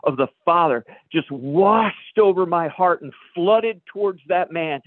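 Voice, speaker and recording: A pastor telling a personal story in a sermon, a lively storyteller who acts out the dialogue. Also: male voice, high-pitched, measured pace, no echo. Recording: dry, phone-like radio broadcast.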